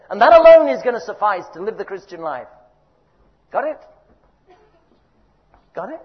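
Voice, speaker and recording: An older man preaching a sermon, emphatic and exhorting, his voice rising loud and dropping quiet. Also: very high-pitched, expressive, moderate pace, long pauses, slightly rough. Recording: dull lo-fi recording.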